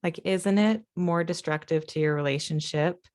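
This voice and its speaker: A woman's voice: fairly low pitch, moderate pace, darkish tone. A woman hosting a parenting conversation, earnest and speaking straight to parents as she sums up the advice. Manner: earnest, addresses parents directly, sums up points. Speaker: host. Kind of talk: casual podcast chat.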